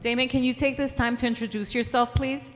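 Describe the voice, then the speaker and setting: A woman's voice: fairly high pitch, little pitch movement, quick pace, long reverb tail. A woman chairing a community board meeting, firm and steering the discussion along.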